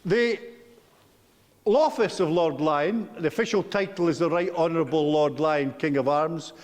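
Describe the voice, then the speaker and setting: Scottish man, older, fairly high voice, storytelling lecturer, hall echo. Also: normal speed. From Scotland. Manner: anecdotal, self-deprecating storyteller. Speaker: guest speaker. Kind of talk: public lecture with slides.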